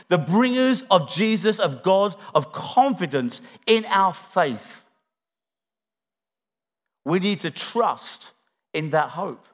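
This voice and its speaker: A man delivers a church sermon with dramatic flair, his voice sitting a little higher than most men's. He swings between loud, stirring declarations and quiet, hushed asides, acting out the lines he quotes from scripture. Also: lively intonation, slow pace. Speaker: preacher.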